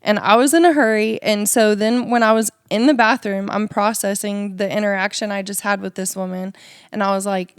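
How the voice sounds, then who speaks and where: A woman on a faith podcast talks through a personal story with open candor. Her tone is smooth and resonant. The recording is close and dry, with no room sound. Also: medium pitch, fairly even intonation, a little fast, no echo. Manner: candid, confessional storytelling. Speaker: podcast co-host.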